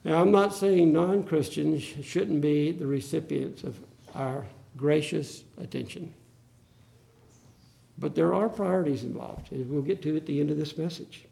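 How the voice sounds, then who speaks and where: A man's voice: on the high side, measured pace, creaky, warm tone. A male pastor preaching a sermon, acting out the Bible quotes with drama.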